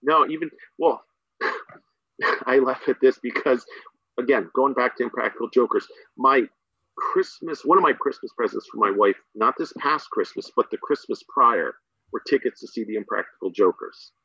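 A man's voice: medium pitch, moderate pace, pushed and bright, slightly rough, no room sound. A man guest, a middle school teacher and coach, rambling enthusiastically in a casual podcast conversation with many fillers. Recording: dull dry sound.

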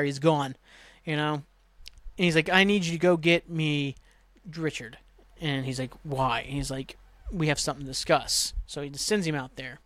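A man hosting a podcast, casually recapping a TV episode in a rambling way, swearing and jumping into quick voices for the characters. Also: a little high, a bit bright, dry recording. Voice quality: rambling, swears, acts out lines with quick voice jumps. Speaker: podcast host.

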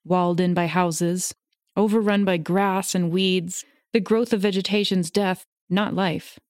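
A woman narrating a classic story aloud in a measured, grave manner. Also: mid-range voice, darkish tone, no room sound, clean studio sound. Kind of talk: audiobook reading.

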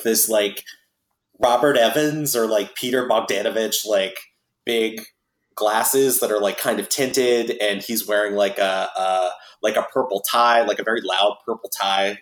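Wry, chatty man with a low voice. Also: a bit bright, echoey room, low-quality recording. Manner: chatty, wry, many fillers. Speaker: podcast host. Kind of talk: casual movie podcast chat.

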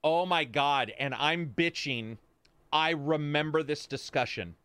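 A man's voice: fairly high pitch, a little slow, clean tone, no room sound. A man hosting a casual voice chat, telling stories with lots of swearing and acted-out quotes of his friends. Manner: animated storytelling, swears, acts out friends' lines. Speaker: streamer host.

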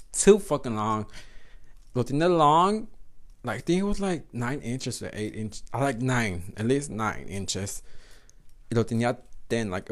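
A young man, hosting a podcast and telling a story in a frank, profane way, slipping Spanish phrases into English. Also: mid-range voice. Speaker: podcast host. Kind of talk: casual storytelling monologue.

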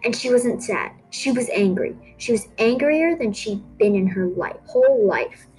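Woman narrator, storybook reading, expressive, faint music behind. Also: a little high, a little slow, rough recording.

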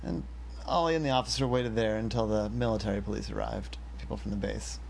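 Man with a gravelly, unhurried storytelling voice. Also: fairly low pitch, animated, a little hiss or hum. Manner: unhurried, makes it up as he goes. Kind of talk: improvised spoken story.

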